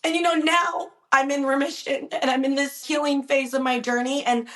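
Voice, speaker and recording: High-voiced young woman, open and emotional. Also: fairly even intonation, normal speed. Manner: open, emotional, laughs between thoughts. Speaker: guest. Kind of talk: emotional interview conversation.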